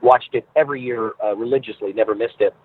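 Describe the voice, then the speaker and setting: Man, guest storyteller, acts out voices, husky, dry tinny phone line. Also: medium pitch, fairly even intonation, fast talker, no echo. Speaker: guest entertainer. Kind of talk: podcast interview, storytelling.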